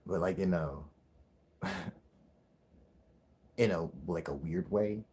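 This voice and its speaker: A man's voice: deep voice, slow, dark tone, husky. A young man hosting a casual livestream, rambling and swearing, with frequent laughs. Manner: rambling, profane, laughing often. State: high. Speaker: livestream host.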